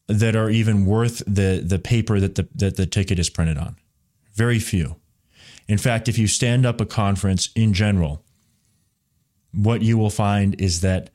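Male podcast host, very low voice, rambling off-the-cuff commentary. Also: darkish tone. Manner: rambling, frequent restarts and filler. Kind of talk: solo political commentary.

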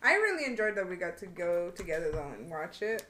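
A woman in casual chat as a podcast co-host, animated and laughing often. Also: fairly low pitch, brisk, noisy background. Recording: echoey room.

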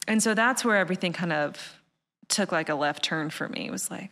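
Chatty animated woman in a reverberant room. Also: on the low side, fairly quick. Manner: animated, laughs easily, says "like" often. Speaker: podcast guest. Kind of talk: casual interview chat.

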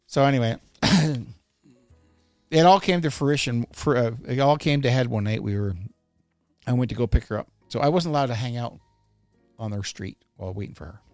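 A man's voice: medium pitch, fairly quick, a little mellow, dry recording, faint music behind. A man hosting a podcast, telling a profane, rambling story in casual chat. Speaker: podcast host. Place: studio.

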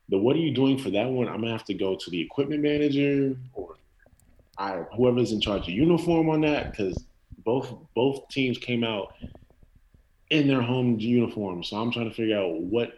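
A man's voice: lowish voice, darkish tone, poor audio. A man guesting on a casual sports podcast, talking in a loose, slangy, rambling way.

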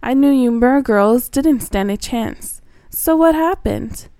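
Woman voicing a taunting evil octopus queen, superior, smooth higher voice. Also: animated, takes it slowly, dark tone, no echo. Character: evil female octopus ruler of the kelp.

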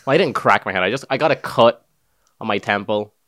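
A man's voice: on the low side, brisk, a bit bright, dry recording, clean studio sound. A young man co-hosting a podcast, chatting casually and telling anecdotes while acting out the voices of people in them. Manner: storytelling, acts out voices of people in his stories. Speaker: podcast co-host. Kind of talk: casual chat.

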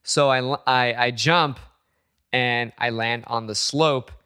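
A young man in casual conversation, telling a story with lively energy. He laughs often, swears freely and jumps into quoted voices. His pitch sits in an ordinary middle range. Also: slow pace, smooth.

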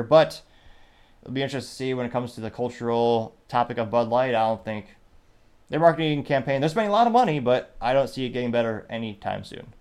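A male host talks through the day's news in a casual, wry manner. His voice sits at an ordinary middle pitch. He stops and restarts often and reads quotes aloud with a dry edge. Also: darkish tone. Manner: wry, offhand, with frequent restarts. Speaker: show host.

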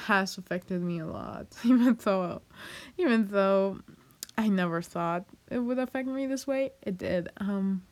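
A young woman vlogging confessionally in a hesitant, halting way, with fillers and nervous little laughs, emotional and close to tears. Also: medium pitch, a little mellow. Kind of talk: confessional personal vlog.

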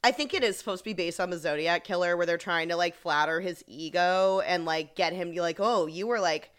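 A woman's voice: fairly low pitch, brisk, clear, resonant tone. A woman co-hosting a podcast, retelling scenes animatedly with lots of "like" and quoted lines. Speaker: podcast co-host. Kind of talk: casual recap chat.

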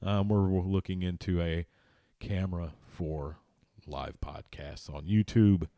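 A man's voice: deep voice, steady tone, measured pace, dark tone, no room sound, clean studio sound. Man rambling on a sports podcast. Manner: loose, rambling, swears freely. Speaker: podcast co-host. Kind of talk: casual sports podcast chat.

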